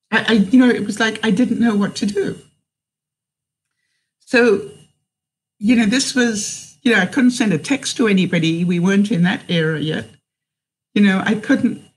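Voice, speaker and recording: A woman's voice: mid-range voice, poor audio. A middle-aged woman vlogger telling a personal story, hesitant, with many fillers and restarts.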